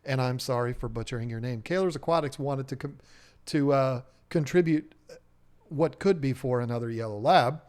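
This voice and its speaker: A man chatting on a fish-keeping live stream, his voice sitting in an ordinary middle range. He jokes and rambles, gets excited, and drifts between stories and viewer questions. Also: medium pitch, moderate pace, clean tone. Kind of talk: casual chat, reading viewer messages. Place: fish shop owner's live stream setup.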